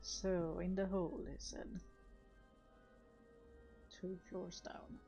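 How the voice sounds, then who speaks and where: A woman's voice: lowish voice, level tone, slow, dark tone. A woman streaming a game, reading its dialogue aloud and chatting about it casually. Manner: casual, reads lines and comments. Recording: dull audio with game music.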